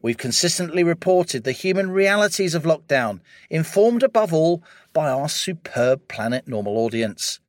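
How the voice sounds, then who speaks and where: A man's voice: fairly high pitch, big pitch swings, moderate pace, no room sound, studio quality. A British man co-hosting a political podcast, delivering a wry, rhetorical opening and then chatting. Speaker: podcast co-host.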